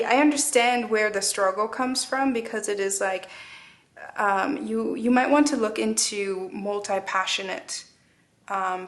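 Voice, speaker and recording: A woman giving a casual spoken tarot reading, rambling, with many fillers and restarts. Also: medium pitch. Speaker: tarot reader.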